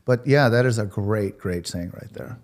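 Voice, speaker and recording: A man, a restaurateur guest on a podcast, telling emotional personal stories in an animated way and acting out the dialogue. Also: on the low side, moderate pace. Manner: animated, acts out quoted dialogue.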